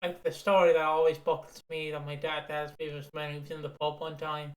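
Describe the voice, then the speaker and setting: A man's voice: on the high side, monotone, fairly quick. A man co-hosting a podcast, telling stories in a rambling way with many fillers and casual swearing. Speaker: podcast co-host. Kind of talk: casual chat. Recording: roomy echo.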